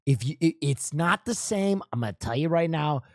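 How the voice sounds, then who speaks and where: A man's voice: fairly high pitch, lively intonation, moderate pace, dry recording, studio quality. A young man from New Jersey reacting to a show in casual chat, loose and profane, laughing and rambling.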